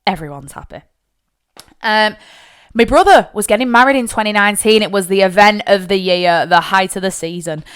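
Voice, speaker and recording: A chatty Northern English woman with a smooth, mid-range voice speaks at a moderate pace in a Lancashire accent. As a podcast host she tells personal stories in a monologue, candid and swearing freely, and she becomes animated when acting out her family.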